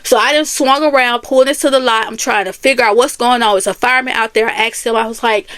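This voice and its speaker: A high-pitched woman tells a personal story straight to her viewers, animated and chatty. The sound is dry and close, with no room echo. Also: fast talker, few pauses. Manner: animated, Southern US Black vernacular phrasing, addresses viewers as y'all. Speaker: vlogger telling a story. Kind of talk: casual storytelling to camera.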